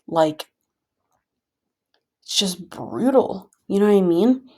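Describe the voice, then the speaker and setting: A woman's voice: medium pitch, expressive, takes it slowly, warm tone. A woman vlogger venting casually to her viewers, frustrated and rambling with many fillers.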